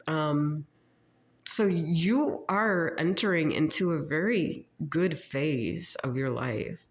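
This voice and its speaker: A psychic reader with a sick voice, giving a casual spiritual channeling session in a halting, meandering way with frequent giggles. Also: mid-range voice.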